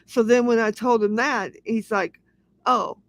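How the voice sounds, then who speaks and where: A woman's voice: on the high side, fairly even intonation, normal speed, dry recording. A woman hosting a casual livestream, talking in an aggrieved, repetitive rant. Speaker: livestream host.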